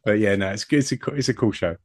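A man from England co-hosting a podcast, chatting casually and laughing often, with quick voices for the people he quotes. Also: fairly low pitch, no room sound, clean studio sound. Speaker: podcast co-host. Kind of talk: casual chat.

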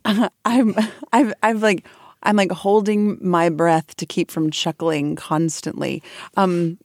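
A woman co-hosting a podcast, chatting casually in an animated, giggly way with lots of filler words. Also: fairly low pitch, unhurried, no echo, clean studio sound.

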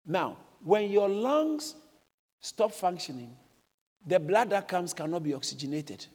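A man preaching a sermon in a church, explaining and exclaiming with animated emphasis. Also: high-pitched, unhurried, husky, in a large hall. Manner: animated preaching, bursts into shouts when quoting. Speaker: pastor.

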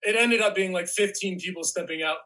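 A man's voice: high voice, fairly quick, bright, forceful tone, poor audio. A man on a podcast as a guest, talking casually in a rambling way, restarting sentences and saying "like" a lot. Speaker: guest actor. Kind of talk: casual chat.

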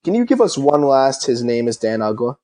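A man's voice: mid-range voice, big pitch swings, a little fast, a little mellow. A young man hosting a casual interview, talking eagerly and at length. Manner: eager, talkative. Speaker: host.

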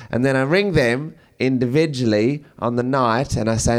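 A man performing a stand-up comedy set on stage, telling deadpan one-liners and chuckling at his own jokes. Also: mid-range voice, normal speed. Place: comedy stage before a live audience.

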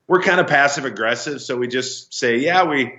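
A man's voice: medium pitch, fairly quick, pushed and bright. A man from Minnesota in his forties, a political candidate speaking as a radio guest in an earnest, folksy way. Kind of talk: remote radio interview. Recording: echoey, dull remote line.

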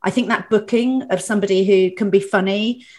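A woman's voice: medium pitch, steady tone, brisk, darkish tone. Chatty British woman comedian. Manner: chatty, frequent fillers and restarts. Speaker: comedian and corporate speaker. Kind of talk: casual conversation.

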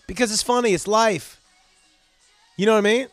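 Middle-aged man, stand-up comic, a touch high-pitched, foul-mouthed ranting monologue. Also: moderate pace, no echo, faint music behind. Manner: profane, animated ranting with loud outbursts. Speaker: stand-up comedian. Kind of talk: casual monologue.

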